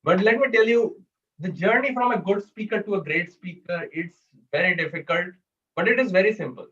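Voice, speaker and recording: A man's voice: high voice, fairly quick, fairly bright tone. A man leading an online public speaking workshop, coaching and quizzing the audience over a video call. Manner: coaching, asks audience questions. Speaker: workshop presenter. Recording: distant, dull video-call audio.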